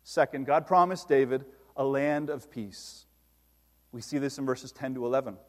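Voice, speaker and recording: A man preaching a sermon, reading scripture aloud with slow emphasis and then explaining it to his congregation. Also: medium pitch, in a large hall. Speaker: pastor.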